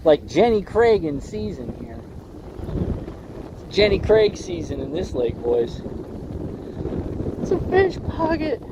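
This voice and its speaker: A man's voice: high voice, wildly swooping pitch, slow, pauses often, highs cut off, noisy background. A man hosting a fishing livestream from a small boat, talking in a rambling, jokey way and calling his viewers "bro" and "boys". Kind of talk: casual livestream chat while fishing. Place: small boat on a windy lake.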